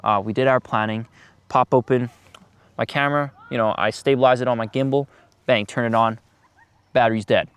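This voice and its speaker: An eighteen-year-old man chats through advice in a loose, casual vlog, filling gaps with plenty of ums and uhs. His voice sits at an ordinary middle pitch and sounds dry and close, with no room echo. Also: fairly even intonation, a little fast, long pauses, clear, resonant tone. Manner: loose, filler-heavy talk with many ums. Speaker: vlogger giving business tips.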